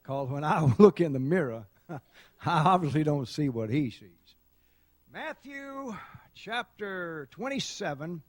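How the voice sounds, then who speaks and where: A middle-aged man preaching a sermon, telling folksy stories and building to loud shouts. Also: a little high, no room sound. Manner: folksy storytelling, dramatic swings to loud shouting. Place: church sanctuary.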